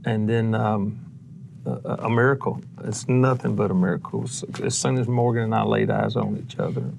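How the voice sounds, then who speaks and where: A man in his fifties, a songwriter, telling his story on a TV talk show in a halting, reflective way. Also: on the low side, steady tone, vocal fry, darkish tone, a little hiss or hum. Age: 50s. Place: TV studio.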